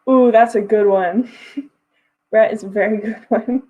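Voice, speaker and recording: Young woman, streamer host; high-ish mellow voice, giggly and chatty, loose filler-heavy delivery, home desk mic. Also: fairly even intonation, measured pace, muffled recording. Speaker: writing livestream host. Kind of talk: casual livestream chat reading comments.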